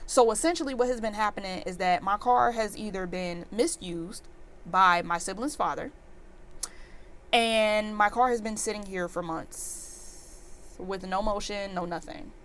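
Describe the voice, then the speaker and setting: A woman in her twenties telling a storytime vlog in an animated, exasperated rant full of fillers. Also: mid-range voice, a little slow, slight background noise. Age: 20s. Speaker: vlogger.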